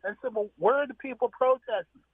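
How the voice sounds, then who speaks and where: A man's voice: very high voice, a little fast, husky, no echo. A man calling into a radio show by phone, speaking earnestly and complaining. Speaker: caller. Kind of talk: call-in radio conversation. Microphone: phone line. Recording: tinny phone line.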